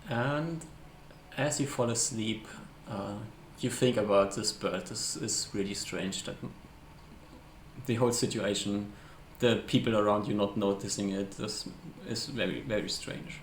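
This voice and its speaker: A man runs a tabletop game as game master, his low voice gravelly with fry. He narrates hesitantly and fills gaps with ums. The room is echoey, with a faint hiss. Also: measured pace. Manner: hesitant, searching for words with many fillers.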